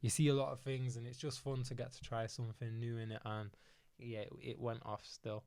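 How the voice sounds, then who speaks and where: A young man with a Manchester accent co-hosting a casual chat show, slangy and quick to laugh. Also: mid-range voice, little pitch movement, darkish tone, clear, resonant tone. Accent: Manchester English. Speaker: podcast co-host.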